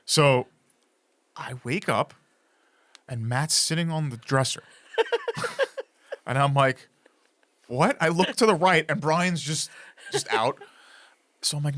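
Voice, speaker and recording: A man's voice: a little high, slow, pauses often, no room sound. A man on a podcast telling a funny story in casual chat, laughing as he goes. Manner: animated, laughs through his story. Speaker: podcast co-host.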